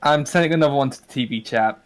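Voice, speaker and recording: A man's voice: medium pitch, fast, clean tone, faint music behind. Teasing man in easygoing stream chat. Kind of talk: casual stream banter.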